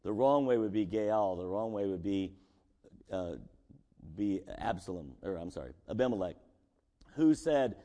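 A man's voice: mid-range voice, animated, moderate pace, warm tone. A man preaching a sermon as pastor, talking casually and asking his congregation rhetorical questions. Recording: long echo of a large hall.

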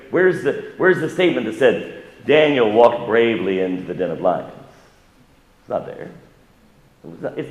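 A male pastor preaching a sermon in a casual, conversational way. He often asks the congregation questions and pushes his voice higher and louder to stress a point. The sound is roomy, with the long echo of a church hall. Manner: rises in pitch and volume for emphasis. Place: church sanctuary.

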